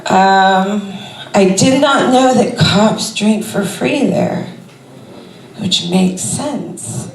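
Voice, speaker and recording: A woman performs stand-up at mid pitch, wandering loosely from thought to thought with plenty of ums and uhs. Her voice carries a roomy club echo and sounds set back from the microphone. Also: very slow, recorded from a distance. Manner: rambling, conversational, with many fillers. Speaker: stand-up comedian. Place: comedy club stage before a crowd.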